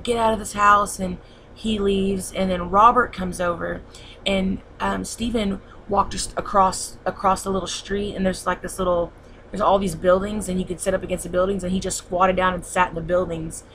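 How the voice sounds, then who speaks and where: A woman's voice: medium pitch, sharp tone, a little hiss or hum, poor audio. A young woman telling a long story in a casual vlog, rambling and repeating herself with many fillers. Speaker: vlogger.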